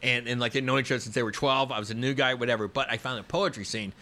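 A man in his fifties telling long stories in a relaxed podcast conversation, full of fillers and restarts. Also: medium pitch, very fast. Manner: rambling, storytelling with many fillers and restarts.

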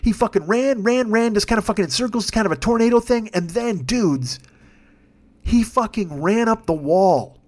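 A man hosting a podcast, telling a rambling comic story in a casual, swearing, animated way. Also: sits high, normal speed. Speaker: podcast host. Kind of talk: comedic storytelling.

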